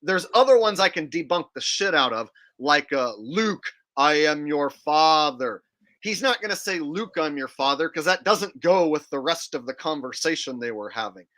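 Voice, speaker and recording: A man's voice: fairly high pitch, normal speed, few pauses. A man hosting a casual open panel chat over a video call, telling stories and acting out movie quotes with energy. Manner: animated storyteller, acts out quotes. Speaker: host.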